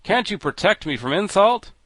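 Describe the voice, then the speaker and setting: A man reading an audiobook and voicing a gruff, quick-tempered wooden sawhorse that grumbles and scorns. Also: high voice, big pitch swings, a bit bright, no echo, pitched above the performer's own voice, heavily acted.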